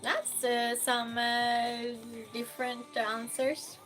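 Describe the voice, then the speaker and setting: A woman hosting a quiz game on her live stream, reading chat messages aloud in a casual way, sometimes loud and sometimes dropping almost to a whisper. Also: fairly high pitch, level tone, faint music behind. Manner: reads chat aloud, slow and chatty, swings between loud outbursts and soft near-whispers.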